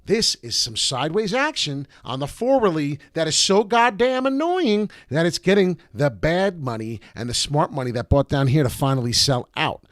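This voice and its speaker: A man's voice: a little high, very animated, moderate pace, few pauses, no echo, clean studio sound. Hyped, swearing man on a live stream. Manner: loud, hyped and profane, jumps between topics. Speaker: crypto video host. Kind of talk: live-stream chat with viewers.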